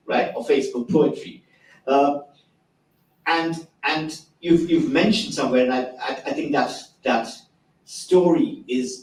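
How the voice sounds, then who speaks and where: A man's voice: medium pitch, darkish tone, reverberant, recorded from a distance, rough recording. A man with an Indian English accent moderating a festival conversation, posing long framing questions and repeating words as he goes.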